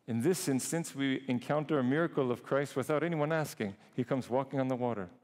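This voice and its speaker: A man preaching a sermon, emphatic, drawing some phrases out slowly and rushing others. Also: medium pitch, a little mellow, in a large hall. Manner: emphatic, shifts between slow and quick phrasing. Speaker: priest preaching.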